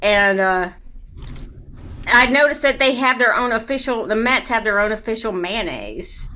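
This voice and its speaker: A woman from South Carolina, doing a dry stand-up set over a video call, with quick asides and mimicry. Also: on the high side, expressive, sharp tone. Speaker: stand-up comedian.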